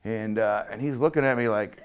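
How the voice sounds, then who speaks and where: A man's voice: fairly low pitch, a little fast, clear, resonant tone. A middle-aged man telling a self-deprecating, humorous story from his childhood as a motivational talk.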